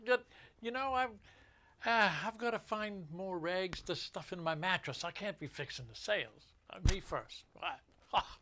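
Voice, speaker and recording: A man in a comedy pirate skit, blustering loudly in a goofy pirate voice. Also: high-pitched, unhurried.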